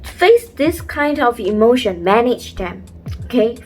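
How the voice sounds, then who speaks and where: A woman's voice: fairly high pitch, very animated, a little slow. Earnest young woman giving advice. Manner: earnest, acts out quoted thoughts. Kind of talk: motivational talk to camera. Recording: faint music behind.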